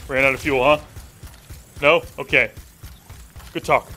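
A man's voice: medium pitch, fairly even intonation, a little slow, bright, forceful tone, a little hiss or hum. A young man giving casual, joking, profane commentary while playing a video game. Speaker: let's play gamer.

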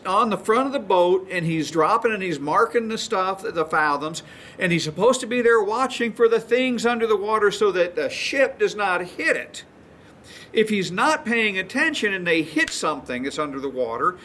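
High-pitched guy pastor, folksy sermon storytelling, laughs along. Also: a bit bright, a little hiss or hum. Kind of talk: sermon teaching.

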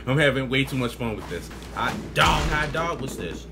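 A young man commentating his own gameplay live, hyped up, shouting trash talk at opponents and laughing and joking to himself. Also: medium pitch, very animated, brisk, hardly any pauses, heavy background noise. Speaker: gaming video creator. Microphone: desk mic with face cam. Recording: game sounds loud behind the voice.

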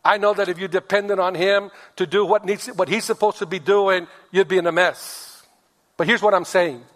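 High-voiced preaching pastor, man, in a reverberant hall. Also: steady tone, normal speed, fairly bright tone. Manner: preaching with acted-out quotes of husbands and wives; asks the congregation for amens. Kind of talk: sermon.

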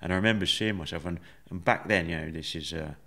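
A man, a podcast guest, telling his story in a measured, reflective way with many fillers. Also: sits low, bright, forceful tone. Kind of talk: conversational storytelling.

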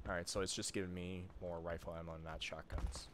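A man casually commenting on his own horror gameplay, muttering to himself with sudden loud outbursts. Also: deep voice, steady tone, brisk, hardly any pauses, a little hiss or hum. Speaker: streamer playing a horror game.

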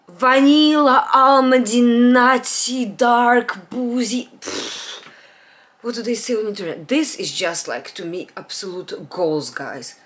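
A woman, chatting casually in a home vlog, rambling with restarts and letting her voice trail off low and quiet. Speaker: beauty vlogger. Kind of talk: casual perfume haul chat. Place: home, natural light.

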